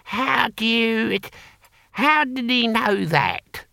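Guy doing a squeaky confused old barbarian. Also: wildly swooping pitch, unhurried, gravelly, fairly bright tone, no room sound, studio quality, heavily acted. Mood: puzzled. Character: baffled old male barbarian.

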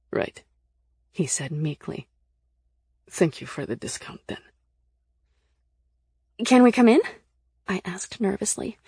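A woman reading a novel aloud in first person, with steady scripted narration. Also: lowish voice, gravelly, breathy edge, no room sound, studio quality. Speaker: audiobook narrator.

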